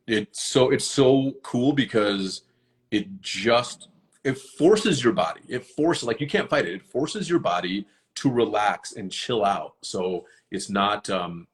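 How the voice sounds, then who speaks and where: A man chatting casually on a live stream, earnest and rambling, with many fillers and restarts. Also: sits low. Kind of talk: casual chat.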